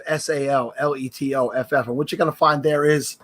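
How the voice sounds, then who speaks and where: A man's voice: medium pitch, fairly even intonation, a little fast, a bit bright. A man with a New York accent, a guest on a podcast, chatting casually and teasing the hosts. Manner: joking, teasing, self-promoting.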